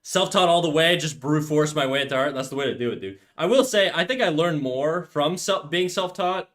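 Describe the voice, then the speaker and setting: A man's voice: fairly high pitch, fairly quick, a bit bright. A man streaming while he draws, chatting casually and candidly with his viewers, rambling and often calling them "dude". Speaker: streamer and artist. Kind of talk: casual livestream chat.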